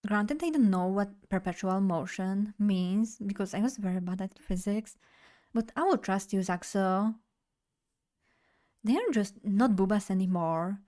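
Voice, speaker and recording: A woman's voice: mid-range voice, unhurried, mellow. A young woman streamer in casual live chat, playful and chatty as she talks to her viewers.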